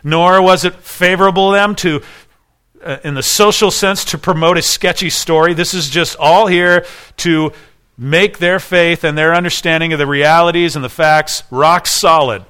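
Um homem pregando um sermão com fervor, fazendo perguntas retóricas à congregação. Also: male voice, fairly high pitch, steady tone, normal speed, pushed and bright, smooth. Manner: earnest preaching with rhetorical questions. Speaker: pastor. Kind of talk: sermon.

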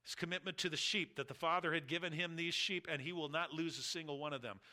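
A man's voice: fairly high pitch, fast talker, sharp tone. A middle-aged man preaching an expository sermon, reading scripture aloud and acting out the speakers' words.

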